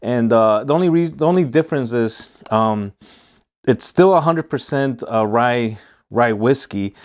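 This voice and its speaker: A man with a Hispanic American accent hosting a casual whiskey review vlog, talking in a relaxed, rambling way with many fillers. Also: mid-range voice, moderate pace. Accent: Hispanic American English. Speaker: whiskey reviewer, channel host.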